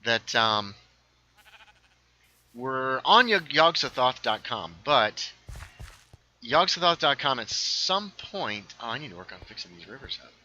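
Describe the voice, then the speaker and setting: A man's voice: medium pitch, very animated, sharp tone, dull audio. A man hosting a casual gaming livestream, rambling along and reading viewer chat aloud. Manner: rambling, reads chat aloud, quick asides. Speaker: livestream host playing a game.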